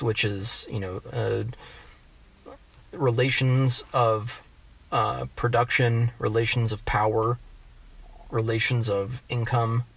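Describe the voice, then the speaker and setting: A man with a general American accent, a guest in a casual interview, talking in halting bursts full of restarts and fillers as he thinks aloud. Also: mid-range voice. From United States. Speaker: guest economist.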